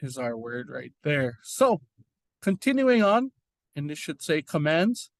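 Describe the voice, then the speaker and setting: A man teaching an informal language lesson, slowly repeating and sounding out words, with frequent fillers. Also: fairly high pitch, big pitch swings, no room sound. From Red Lake.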